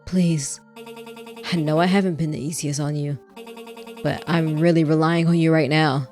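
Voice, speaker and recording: A woman's voice: deep voice, steady tone, moderate pace, darkish tone, soft background music, close to an everyday voice. A woman voicing a frightened young woman who is out of breath and pleading urgently for help.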